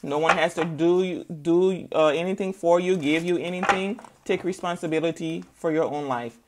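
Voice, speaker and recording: Tarot reader, woman, lowish voice, blunt and preachy, casual delivery. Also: normal speed, background noise. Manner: blunt, preachy, peppered with "okay?". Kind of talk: casual spoken tarot reading.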